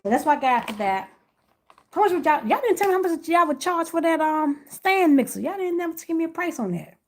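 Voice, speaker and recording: A woman's voice: very high voice, sing-song, fairly quick. A woman hosting a casual livestream, chatting with viewers by name and laughing often as she wraps gifts. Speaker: livestream host wrapping gift baskets.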